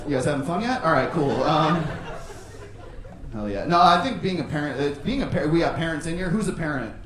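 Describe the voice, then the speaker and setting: A man doing a stand-up set with crowd work on a club stage, talking loosely and breaking into shouted voices. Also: on the high side, animated, unhurried, pauses often, noisy background. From USA. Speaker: stand-up comedian. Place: comedy club stage with live audience. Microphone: handheld stage microphone. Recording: roomy club sound, mic at a distance, audience laughter.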